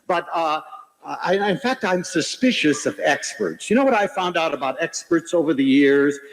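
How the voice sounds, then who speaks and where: A man's voice: on the high side, normal speed. An older man giving a humorous, inspirational lecture, telling stories with playful asides. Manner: animated storytelling with playful asides. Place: lecture hall. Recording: hall reverb from a lecture stage.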